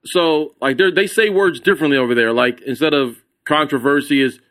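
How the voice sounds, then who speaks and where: A man's voice: fairly high pitch, lively intonation, fairly quick, fairly bright tone. A man in casual podcast chat, teasing and playful, laughing often. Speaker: podcast guest, comedian.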